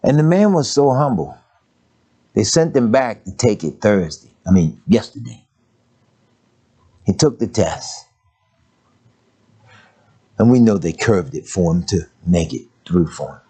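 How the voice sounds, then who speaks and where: An older man preaching a folksy, humorous sermon, telling stories and swinging from low murmurs to high exclamations. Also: lively intonation, a little slow, long pauses, dark tone, husky. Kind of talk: sermon with storytelling.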